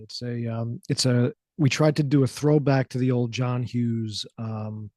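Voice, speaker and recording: Calm, soothing-voiced man guest. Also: medium pitch, a little slow, no echo, studio quality. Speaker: actor and filmmaker, guest. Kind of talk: casual interview. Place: radio studio.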